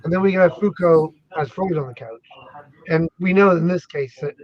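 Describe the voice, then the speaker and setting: A man chatting casually as an academic guest, animated and jokey, rambling through his thoughts. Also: a little high, moderate pace, highs cut off. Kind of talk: casual chat.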